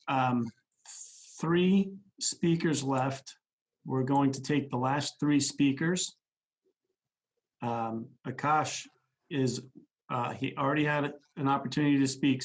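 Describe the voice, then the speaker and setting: A man chairing a board meeting, calling up speakers in a calm, polite way. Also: medium pitch, rough recording.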